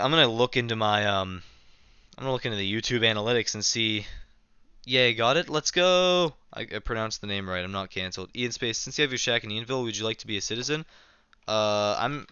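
Young guy streaming a game, reading chat, joking at himself, bright clear voice, kinda muffled dry mic. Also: on the low side, dry recording. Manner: chatty, reads chat aloud, self-mocking. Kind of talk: casual live game stream.

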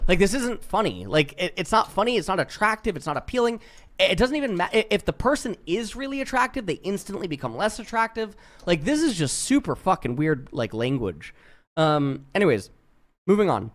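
Man, young adult, slightly raised pitch, profane, filler-heavy, casual stream commentary. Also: big pitch swings, a little fast, a bit bright. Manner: profane, blunt, heavy use of "like". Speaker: streamer reacting to chat logs.

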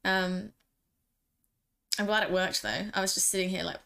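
A woman's voice: mid-range voice, fairly even intonation, normal speed, creaky, sharp tone. A young woman streamer chatting casually and jokily with her viewers. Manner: chatty, giggly, jokey. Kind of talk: casual live-stream chat.

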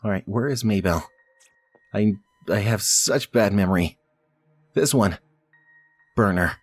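A man with a low voice plays through a puzzle game, reading the story text aloud. He breaks off to mutter to himself and curse. His voice sounds dry and close, with no room echo. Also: a little slow, long pauses, soft background music. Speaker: let's play gamer.

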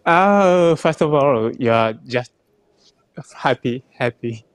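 A man from Japan, a guest pianist, answering interview questions in a hesitant, halting way, searching for words. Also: mid-range voice, lively intonation, smooth.

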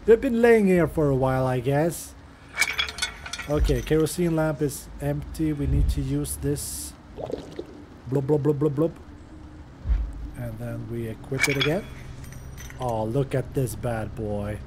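A man's voice: medium pitch, a little slow, noisy background. A young man who is not a native English speaker, casually commentating a horror game, joking and swearing and talking to the characters on screen. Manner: profane, jokey, talks to the game characters. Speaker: gaming channel host. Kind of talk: casual let's-play commentary.

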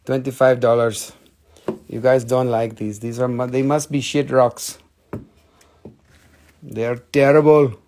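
Guy rambling thru a live rock sale, jokey, cusses a lot, mid pitch. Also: level tone, a little slow, pauses often, a little mellow. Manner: rambling, joking, swears freely. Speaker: host selling rocks on a live show. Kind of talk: casual live sales stream.

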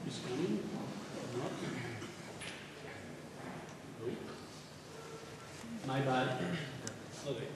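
This architecture lecturer is informal and irreverent, swearing now and then as he addresses a big hall. Animated but slow, his mid-range voice sounds far from the microphone, echoing amid heavy background noise.

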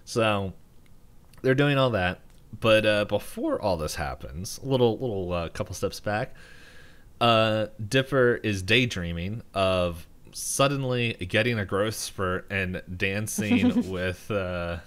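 A man's voice: lowish voice, animated, slow, a bit bright. A young man co-hosting a podcast, casually recapping a cartoon episode, rambling, laughing often and quoting characters in raised voices. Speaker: podcast co-host.

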